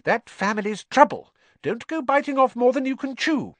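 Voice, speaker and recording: A man's voice: extremely high pitch, lively intonation, moderate pace, dry recording, pitched above the performer's own voice. A man voicing a worried, motherly witch who fusses and scolds sharply. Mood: scolding. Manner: fussing, sharp.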